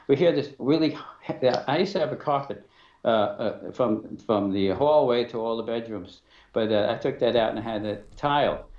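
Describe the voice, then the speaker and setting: A middle-aged man, the guest in an interview, tells his story haltingly, with many fillers and restarts, and acts out the back-and-forth. His voice sits at an ordinary pitch. The sound is dull and roomy. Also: darkish tone. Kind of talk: telling a personal story in an interview.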